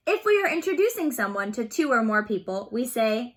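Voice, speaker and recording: A woman's voice: on the high side, very animated, fairly quick, hardly any pauses, pushed and bright. A woman teaching a beginner Spanish lesson online, explaining phrases patiently and leading repeat-after-me drills.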